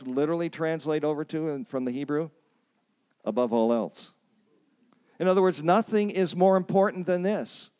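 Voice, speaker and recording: A man with a slightly high, somewhat mellow voice preaches a sermon at a workshop. He's emphatic, repeats key phrases, has the audience say lines back, and tells self-deprecating stories.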